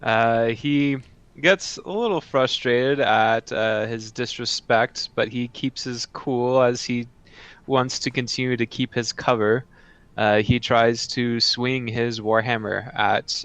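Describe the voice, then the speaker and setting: A man describing his character's actions in a tabletop game, measured and hesitant with fillers. His voice is smooth and clear. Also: medium pitch, fairly even intonation, a bit bright. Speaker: player.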